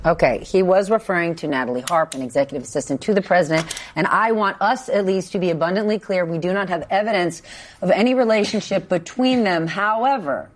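A woman with a slightly low voice hosts a political panel. She sets up each topic in a measured way and turns it over to her guests with questions. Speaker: host. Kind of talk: cable news panel discussion.

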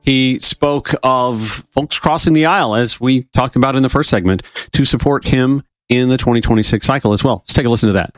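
A man's voice: mid-range voice, a little fast, dry recording. A man hosting a political talk radio show, reading news quotes and adding his own commentary with rhetorical questions. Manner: animated, asks rhetorical questions.

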